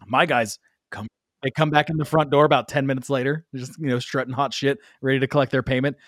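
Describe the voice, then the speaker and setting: A man in easy conversation, spinning a rowdy anecdote with lots of energy and frequent laughter. His voice sits in an ordinary middle pitch, and the sound is dry and close with no room around it. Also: fast, no echo. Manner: animated, laughs often. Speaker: guest storyteller. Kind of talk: casual storytelling.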